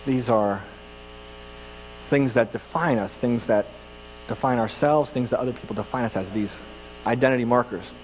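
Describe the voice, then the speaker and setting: A man's voice: medium pitch, moderate pace, pauses often, in a large hall, a little hiss or hum, rough recording. A man from California preaching a sermon as pastor, telling personal stories in a conversational, self-deprecating way with frequent restarts. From California, United States.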